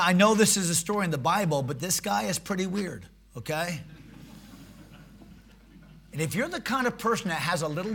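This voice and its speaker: A man preaching a sermon, animated and humorous, shifting from quiet conversational asides to loud exhortation. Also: fairly high pitch, slightly rough. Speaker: pastor.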